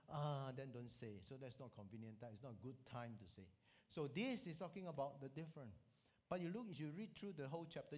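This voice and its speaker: A man's voice: medium pitch, a little mellow. A man from Singapore with a Singaporean English accent, preaching a sermon and telling stories animatedly with local slang. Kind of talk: sermon with Bible teaching.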